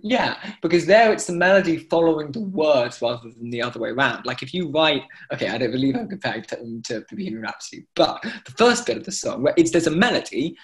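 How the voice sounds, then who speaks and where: A man's voice: medium pitch, lively intonation, fast talker. Enthusiastic man teaching chant online. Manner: enthusiastic, breaks into sung chant examples.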